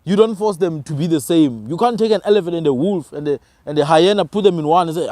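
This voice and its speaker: A man's voice: fairly high pitch, quick pace, warm tone, no room sound, studio quality. A man from Africa, arguing his views with emphatic rhetorical questions in a passionate podcast conversation. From South Africa.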